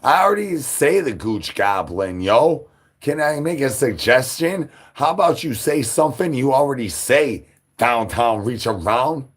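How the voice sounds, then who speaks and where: Husky man rattling off rhyming nonsense. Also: mid-range voice, lively intonation. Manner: rapid rhyming nonsense banter. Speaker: livestream host. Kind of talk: live stream chatter.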